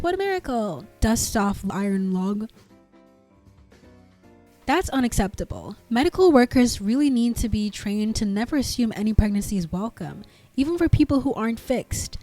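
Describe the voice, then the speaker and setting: A woman narrator reading forum comments aloud in an indignant, expressive way. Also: mid-range voice. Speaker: narrator reading online posts.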